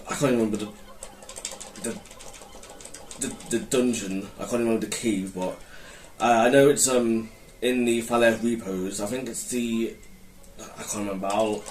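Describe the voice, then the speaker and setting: A man talks casually over his gameplay, pitched a little low and hesitant, doubling back on his own words. He sounds set back from the mic in an echoey room, with faint noise beneath him. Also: a little mellow. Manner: rambling, hesitant, self-correcting. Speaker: gaming channel host. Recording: roomy, mic held far off with faint noise.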